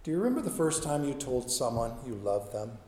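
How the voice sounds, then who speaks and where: Storytelling pastor in an echoey room. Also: male voice, medium pitch, sing-song, a little fast, warm tone. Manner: storytelling, acts out quoted speech, repeats words. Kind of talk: sermon.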